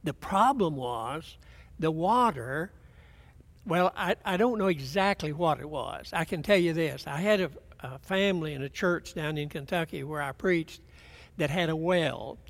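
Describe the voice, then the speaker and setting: A man's voice: on the high side, expressive, measured pace, a bit bright. An older man preaching a folksy, rambling sermon, often restarting his sentences.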